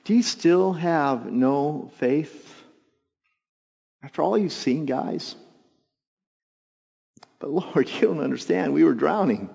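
A man preaching a sermon, telling the story with lively asides and acting out the voices of the people in it. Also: takes it slowly, gravelly, pauses often, breathy edge. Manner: animated storytelling, acts out voices with jumps in pitch and volume. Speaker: pastor. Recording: long hall reverb, dull lo-fi sound.

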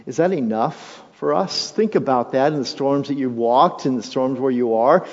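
A male pastor preaching a sermon, swinging from hushed, drawn-out phrases to raised, urgent appeals and calling on the congregation to repeat lines after him. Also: medium pitch. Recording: dull, lo-fi sound with long hall reverb.

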